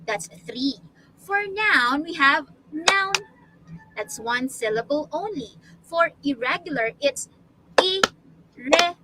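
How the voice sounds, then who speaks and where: A woman with a Filipino accent teaching an online lesson, speaking slowly and patiently with drawn-out vowels. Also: high voice, animated, heavy background noise. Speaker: online tutor. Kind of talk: classroom teaching.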